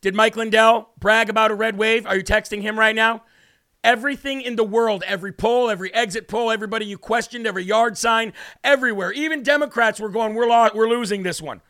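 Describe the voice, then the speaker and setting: A man's voice: high-pitched, steady tone, fast talker, bright, forceful tone. A man hosting a live talk show, giving fired-up political commentary, talking straight to his viewers and reading their chat messages aloud.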